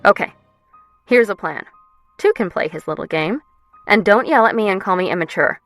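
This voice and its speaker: A woman's voice: mid-range voice, expressive, moderate pace, a bit bright, no echo, soft background music. A woman voicing a brash young woman who is direct, bossy and foul-mouthed. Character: bold, brash young woman, blunt best friend.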